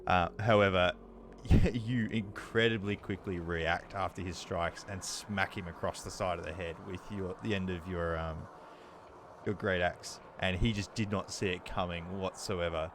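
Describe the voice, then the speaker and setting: Deep-voiced man running a tabletop game. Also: steady tone, measured pace, noisy background. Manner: loose, hesitant narration with many fillers. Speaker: dungeon master.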